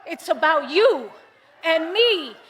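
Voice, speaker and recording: A woman from the United States giving an impassioned political rally speech, moving from hushed, earnest talk to rousing shouts. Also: very high-pitched, sing-song, slow. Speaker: rally speaker. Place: large rally venue with a cheering crowd.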